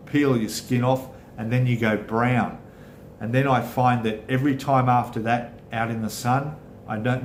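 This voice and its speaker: A man's voice: mid-range voice, a little hiss or hum. Chatty Australian man in echoey room. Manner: rambling, chatty, self-correcting. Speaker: channel host. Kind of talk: casual live chat with viewers.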